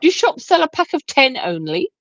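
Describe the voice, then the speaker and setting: A woman's voice: high-pitched, sing-song, normal speed, dry recording, dull audio. A woman co-hosting a livestream, reading viewer comments aloud and laughing often in casual banter. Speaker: livestream co-host reading chat.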